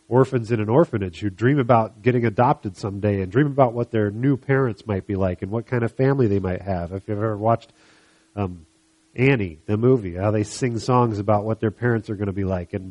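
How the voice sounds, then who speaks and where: A man preaching a sermon, retelling a Bible story in an animated way and acting out the voices of the people in it. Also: lowish voice. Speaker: pastor.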